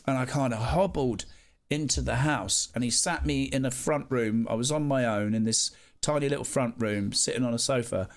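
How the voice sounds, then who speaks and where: A young man telling a vivid, animated personal story in a casual way, with some swearing. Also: mid-range voice, normal speed. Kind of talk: casual anecdote.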